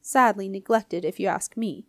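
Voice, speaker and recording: A woman's voice: on the high side, moderate pace, dry recording, lightly acted. Woman reader as storybook ghost queen granny: bossy, huffy, over 60, dry close recording. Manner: bossy, huffing, imperious. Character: fussy, exasperated old ghost queen grandmother.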